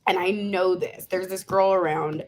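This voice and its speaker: A woman's voice: lowish voice, fairly even intonation, moderate pace, a little hiss or hum. A woman in her thirties from Las Vegas, a podcast guest frankly telling her story and laughing often. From Las Vegas, USA. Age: 30s. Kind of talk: candid storytelling interview.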